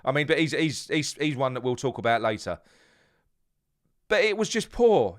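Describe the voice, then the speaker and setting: A man's voice: mid-range voice, animated, a little slow. A man from a fan channel ranting angrily after a defeat, talking in heated bursts with repeats and swearing. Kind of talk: angry fan rant.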